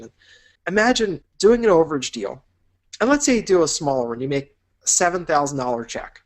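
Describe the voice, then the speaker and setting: Brisk and expressive, with a slightly high voice, this man gives a motivational talk while teaching a business course. He's upbeat and encouraging, conjuring vivid imagined scenes for his listeners.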